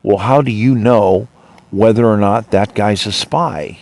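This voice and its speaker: A man's voice: fairly low pitch, measured pace, darkish tone, no echo. A man hosting his own podcast, ranting indignantly and retelling his arguments with officials. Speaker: podcast host. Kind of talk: monologue.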